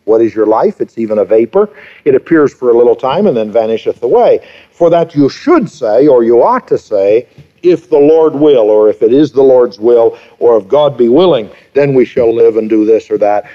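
A man's voice: medium pitch, expressive, moderate pace. A pastor in his fifties preaching a sermon, emphatic, with rhetorical questions and repeated phrases. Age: 50s. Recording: dull lo-fi sermon recording.

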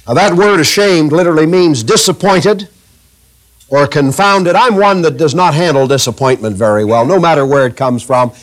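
A male pastor preaching a sermon, reading scripture aloud with emphasis, slowing on key phrases and asking the congregation to underline words. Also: fairly high pitch, poor audio.

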